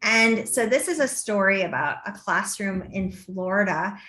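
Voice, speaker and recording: A woman's voice: medium pitch, expressive, a little slow, pushed and bright. A middle-aged woman giving a talk at a forum in a medium voice, telling stories and slipping into quoted back-and-forth dialogue. The sound carries a roomy echo. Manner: storytelling, acts out quoted exchanges. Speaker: education speaker.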